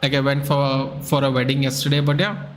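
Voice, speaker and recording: Hosting a live football watchalong stream, this man keeps up casual, chatty talk, reads viewer comments aloud, and gets worked up at goals. He has a mid-range voice, speaks a little fast, and there's a bit of background noise.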